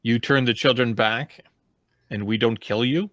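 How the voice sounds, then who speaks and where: A man's voice: medium pitch, a little slow, fairly bright tone, dry recording. Male player, matter-of-fact, dry close sound. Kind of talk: tabletop role-play.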